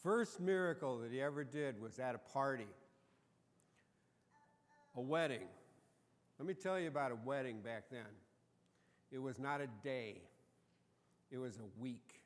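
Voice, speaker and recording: Joking pastor in a reverberant church. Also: male voice, mid-range voice, lively intonation, unhurried, long pauses. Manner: joking, conversational storytelling. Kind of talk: sermon. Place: church sanctuary.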